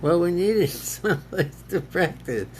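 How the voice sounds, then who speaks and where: An American man rambles to himself in a high-pitched, animated voice, a little slow, laughing often and arguing back and forth in two voices as if two people were talking. There's a little hiss or hum in the background.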